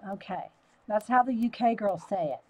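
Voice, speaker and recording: A woman's voice: medium pitch, lively intonation, moderate pace, a little mellow, a little hiss or hum, low-quality recording. A woman with a Southern US accent, chatting casually on a livestream while she draws. She talks to viewers by name and laughs often. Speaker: livestream host. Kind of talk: casual live-stream chat while drawing.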